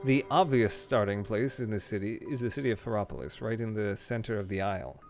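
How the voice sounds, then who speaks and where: A fussy, self-important academic man, as a streamer reads him out, grumbling about his lot in a low voice. Faint music plays under him. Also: fairly quick, natural voice. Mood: pompous. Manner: pompous, fussy. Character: stuffy male academic turned reluctant spy.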